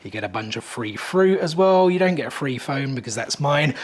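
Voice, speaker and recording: A young man hosting a casual vlog, walking through a hotel room with a handheld camera, chatty and excited and a little out of breath. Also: mid-range voice, fairly quick, husky. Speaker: vlog host.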